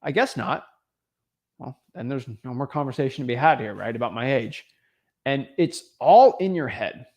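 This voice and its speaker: A man hosting a livestream, talking straight to viewers with energy and acting out little dialogues. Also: mid-range voice. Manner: energetic, talks to viewers directly, acts out quick dialogues. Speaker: host. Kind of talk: livestream coaching talk.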